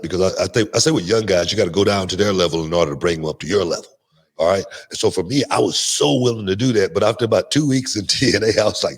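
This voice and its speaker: A man guesting on a talk show, telling animated stories and often repeating words as he goes. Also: on the low side, fast, breathy edge. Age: older. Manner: animated, repeats words, laughs mid-sentence. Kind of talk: casual interview storytelling.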